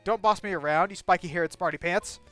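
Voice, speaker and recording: A man voicing a cranky, nosy old woman from a game who scolds and rambles in a shrill, bossy way. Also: brisk, pushed and bright, soft background music. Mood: scolding.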